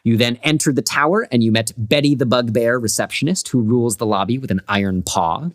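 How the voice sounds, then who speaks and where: A man's voice: medium pitch, brisk. A man acting as game master, recapping the last session in a loose, rambling way with small laughs. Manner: loose and rambling, with fillers and self-amused laughs. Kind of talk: casual chat and recap narration of a tabletop game.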